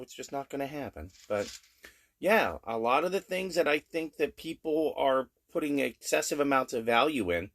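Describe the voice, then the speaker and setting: A blunt, plain-spoken middle-aged man talks at home in a casual daily update. He gets animated as he rants, with no polish to his delivery. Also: mid-range voice. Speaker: vlogger.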